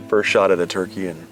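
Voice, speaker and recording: A man hunting outdoors, talking softly and ruefully about his shot. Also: low-pitched. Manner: rueful, soft-spoken. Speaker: hunter. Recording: outdoor audio with music underneath. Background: background music.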